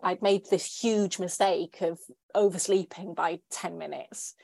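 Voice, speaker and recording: A woman's voice: medium pitch, no room sound. A woman in her thirties, a writer talking as a podcast guest in a candid, chatty way with many fillers. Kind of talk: casual interview chat.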